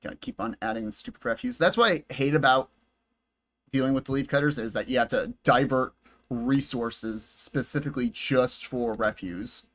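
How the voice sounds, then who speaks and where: In his air-conditioned, brightly lit home room, a man casually commentates his live game stream over a headset, chatting and joking with chat and himself. His voice is medium-pitched, a bit bright, and moderately paced.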